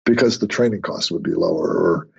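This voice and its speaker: An older man, a podcast guest, chatting casually and telling stories with lively quoted dialogue. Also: deep voice, a little fast, creaky, husky. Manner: storytelling, animated when quoting others. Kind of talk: conversational interview. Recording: muffled lo-fi remote audio.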